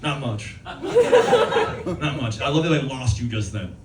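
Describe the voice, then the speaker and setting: A man doing a raucous stand-up set, manic and swearing, shouting his punchlines. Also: mid-range voice, wildly swooping pitch, slow, recorded from a distance, very noisy. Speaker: stand-up comedian. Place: live comedy venue with audience. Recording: echoey venue, mic heard from afar, crowd laughter.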